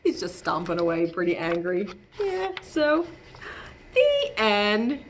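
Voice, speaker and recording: A woman librarian hosting a bedtime story time, talking playfully and gently to children. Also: medium pitch, huge pitch swings, takes it slowly, slight background noise.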